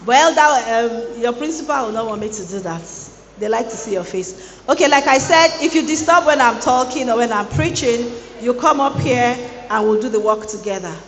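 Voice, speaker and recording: A woman with a fairly high voice preaches to a room of students, playful and teasing as she talks. Her words bounce around an echoey large hall with a long reverb tail. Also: lively intonation, normal speed, a little hiss or hum. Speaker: guest speaker at a student boot camp. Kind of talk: lively motivational sermon.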